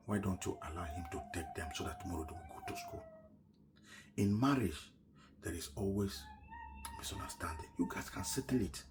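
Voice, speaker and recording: A middle-aged man with a Nigerian English accent tells a personal story, swinging from loud quoted lines down to near-whispers. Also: on the low side, a little fast, noisy background. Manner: animated retelling, shouts quoted lines then drops to a near-whisper.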